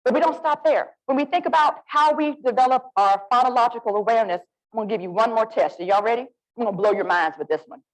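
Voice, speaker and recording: A woman with an Alabama Southern accent, leading a lively, interactive literacy workshop and coaxing the audience to join in. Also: fairly high pitch, fast talker, few pauses, low-quality recording. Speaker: literacy presenter.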